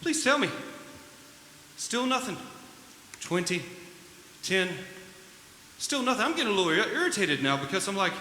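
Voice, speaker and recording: A man's voice: sits high, big pitch swings, moderate pace, long pauses, sharp tone. A man in a band telling a joke on stage, laughing at his own lines, with an echoey hall around him. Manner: chatty storyteller, laughs at his own bits. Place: live music venue. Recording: echoey hall, faint background noise.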